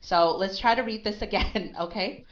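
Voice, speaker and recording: Patient woman coaching pronunciation, lo-fi. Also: medium pitch. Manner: patient, drills sounds slowly and repeats them. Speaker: pronunciation tutor. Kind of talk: one-on-one accent coaching. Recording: dull lo-fi recording.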